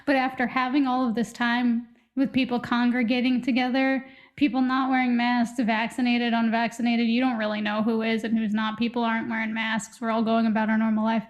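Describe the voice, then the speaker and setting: A woman co-hosting a casual podcast, thinking out loud in long, rambling turns. Her voice sits a little high. Light laughs come through as she talks. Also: completely flat delivery, brisk, lo-fi sound. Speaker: podcast co-host. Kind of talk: casual chat.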